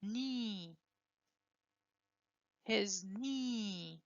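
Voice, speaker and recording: A woman leads a pronunciation drill, saying each word very slowly and clearly so students can repeat it. Her voice sits at a middle pitch. The recording is dry and a little muffled. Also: dry recording. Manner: slow, deliberate, repeats words for students to copy. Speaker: English pronunciation teacher.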